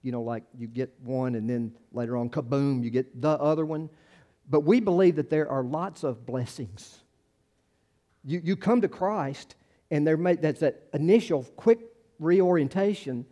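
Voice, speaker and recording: A man's voice: on the high side, a little slow, mellow. A male pastor, preaching a conversational sermon full of restarts and acted-out quotes.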